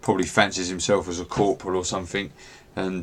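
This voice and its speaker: A man narrating as game master, relaxed and rambling with many fillers. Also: sits low, fairly quick, few pauses.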